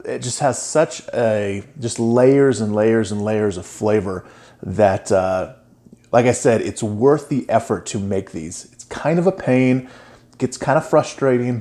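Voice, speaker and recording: Mellow and mid-range, this man's voice carries a casual cooking video. As the channel host, he chats with enthusiasm while cooking and tasting his dishes.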